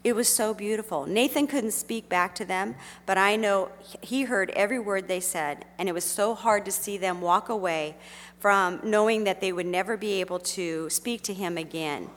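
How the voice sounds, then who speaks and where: A middle-aged woman telling a heartfelt personal story to an audience, speaking gently and earnestly with frequent fillers. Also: mid-range voice, moderate pace, long reverb tail.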